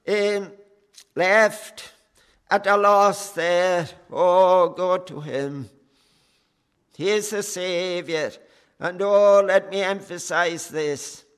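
A man preaching a sermon with slow, earnest delivery, pausing often on "eh" and appealing with fervent "oh"s. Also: sits high, fairly bright tone, smooth. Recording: long hall reverb.

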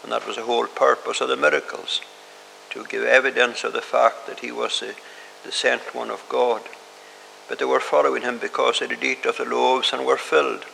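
A man preaching a sermon in a measured way, pausing often with hesitations. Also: medium pitch, little pitch movement, creaky, sharp tone. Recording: hissy recording in a reverberant hall.

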